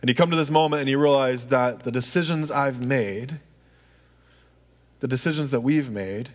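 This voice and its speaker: A man delivers a storytelling sermon in a relaxed, conversational manner. He keeps checking in with his listeners. His voice rings with a long reverb in a large hall. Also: medium pitch, moderate pace. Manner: conversational, asks the audience "right?" often. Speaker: preacher.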